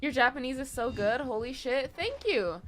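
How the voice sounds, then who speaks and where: A woman's voice: high voice, animated, normal speed, a bit bright, soft background music. A young woman streaming live, chatting casually with her viewers and reading chat aloud, swearing now and then.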